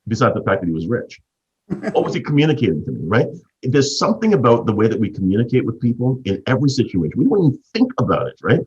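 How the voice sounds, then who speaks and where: A man in his fifties from Canada, hosting and telling a business story as an animated storyteller with a husky voice. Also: fast talker, dull audio. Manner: animated storyteller, big swings in pitch. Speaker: host.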